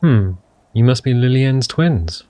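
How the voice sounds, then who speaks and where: A man's voice: medium pitch, lively intonation, unhurried, dark tone, no room sound. A man playing a video game in casual commentary, reading its text aloud with jokey asides. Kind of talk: casual let's-play commentary.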